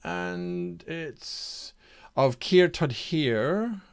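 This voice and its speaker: A man running a live-streamed campaign design session as game master, reading viewers' suggestions aloud and thinking out loud, hesitating and repeating names to test them. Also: a little high, lively intonation, very slow, vocal fry, clear, resonant tone.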